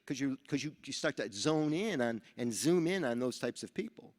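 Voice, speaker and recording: A man's voice: mid-range voice, moderate pace. Man telling stories in a reverberant hall. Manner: animated storyteller who acts out dialogue. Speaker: Rotary speaker at a training seminar. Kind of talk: motivational speech with storytelling. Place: large event hall.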